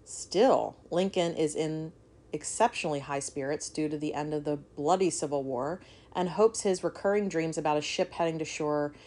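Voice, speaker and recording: A woman's voice: deep voice, darkish tone. A woman co-hosting a podcast, reading a history story aloud and breaking off to joke and swear. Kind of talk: casual storytelling chat.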